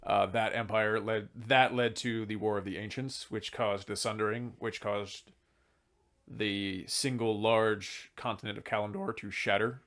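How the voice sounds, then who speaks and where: Man, low voice, a bit drunk, rambling, casual podcast host, swears casually. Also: fairly even intonation, a little slow, a bit bright. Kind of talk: casual chat about game lore.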